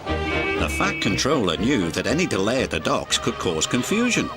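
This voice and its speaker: A man narrating a children's storybook in a slow read-aloud manner. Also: lowish voice, wildly swooping pitch. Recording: music playing behind.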